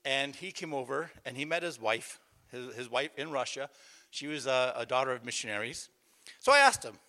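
A man's voice: medium pitch, lively intonation, normal speed, sharp tone. A man preaching a sermon, emphatic and calling out to the congregation, with a conversational storytelling manner full of restarts. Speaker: pastor.

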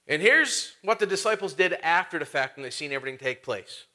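A man preaching with a high, bright voice that rings out clearly. He keeps things conversational, tossing in rhetorical questions and casual asides between points. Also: expressive, moderate pace, long pauses. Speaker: pastor. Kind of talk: sermon.

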